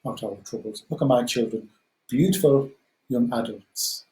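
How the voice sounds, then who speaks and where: A man plays a grown king from a spoken parable, weary and rueful about his lot. He talks low and subdued, dropping his voice as he lists troubles. The sound carries a roomy echo. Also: moderate pace, dark tone, close to an everyday voice.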